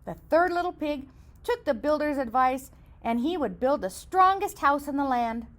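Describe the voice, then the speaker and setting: High, lively woman reading a children's tale. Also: normal speed. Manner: expressive, sing-song storytelling. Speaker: storyteller.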